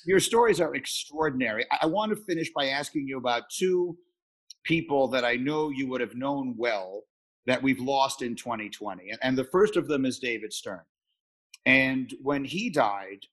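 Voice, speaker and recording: A man's voice: mid-range voice, moderate pace, a bit bright. A man hosting an interview, asking polite, earnest questions. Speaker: interview host.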